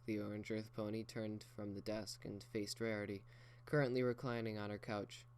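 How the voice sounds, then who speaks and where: A man reading a fan fiction story aloud in a slow, measured way. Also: fairly low pitch, little pitch movement, a little mellow, clear, resonant tone. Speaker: reader.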